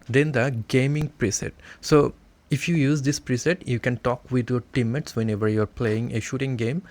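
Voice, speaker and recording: Speaking in a creaky, darkish mid-range voice, a man reviews a device, walking through it carefully one step at a time. His delivery is plain, with minor grammatical slips, and a desk condenser mic picks him up close in an indoor space.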